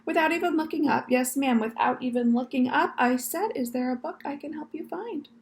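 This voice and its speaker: A woman's voice: high-pitched, a little fast, gravelly. A woman voicing an elderly, genteel librarian who tells stories with many polite "yes, ma'am"s. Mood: storytelling. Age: older. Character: elderly Southern lady librarian, gentle, storytelling.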